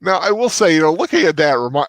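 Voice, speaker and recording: A man's voice: fairly high pitch, big pitch swings, fast, a bit bright, no room sound. A man hosting a casual movie rewatch commentary, rambling with fillers and laughing often.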